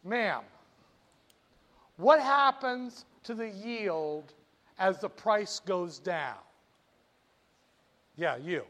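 A man's voice: high-pitched, very slow, long pauses. A man teaching finance to a classroom, teasing students and quizzing them with jokes between the math. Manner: joking, teasing students, animated. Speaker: finance lecturer. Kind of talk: classroom lecture.

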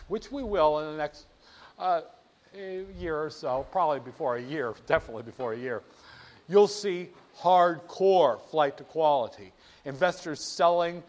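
A man teaching about stock charts in an animated, playful way, often asking the viewer rhetorical questions. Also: fairly high pitch. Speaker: finance instructor. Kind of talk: screen-share lesson on market charts.

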